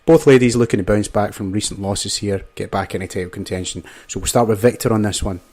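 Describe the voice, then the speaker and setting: A man's voice: on the low side, fast, darkish tone. A man hosting a casual panel show, reading sponsor spots and calling his guests mate. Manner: chummy, calls guests mate and amigo. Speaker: podcast host.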